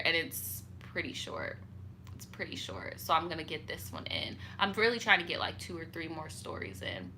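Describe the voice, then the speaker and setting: Young woman host, bright and punchy, animated and petty storytelling with lots of swearing. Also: mid-range voice. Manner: animated, petty and profane, laughing asides. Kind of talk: casual chat reading viewer stories.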